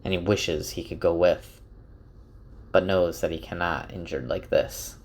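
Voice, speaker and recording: A man's voice: sits low, measured pace. A man casually retelling a novel chapter by chapter, with occasional restarts. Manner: relaxed, slight restarts. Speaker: book summarizer.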